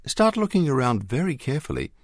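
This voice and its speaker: A man's voice: medium pitch, huge pitch swings, quick pace, dry recording, clean studio sound, pitched above the performer's own voice. A man voicing a young woman who speaks in a coaxing, reassuring way. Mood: excited.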